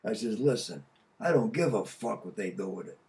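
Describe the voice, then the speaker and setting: An older man from Connecticut telling a story casually, profane and animated, laughing mid-sentence. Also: lowish voice, moderate pace, distant mic. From Connecticut, USA. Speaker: podcast guest.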